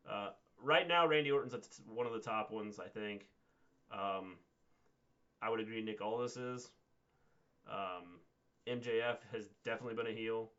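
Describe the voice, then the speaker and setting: Measured, low-voiced man co-hosting. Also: a bit bright, lo-fi sound. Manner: measured, hesitant, many "um"s. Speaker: co-host. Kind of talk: casual livestream recap chat.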